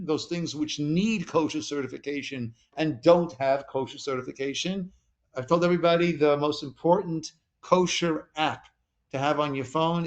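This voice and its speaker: A man who is a rabbi, giving an informal lesson to a small group in a conversational way, asking them questions and retelling stories with quoted dialogue. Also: fairly high pitch. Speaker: rabbi teaching a class. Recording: recorded conference call.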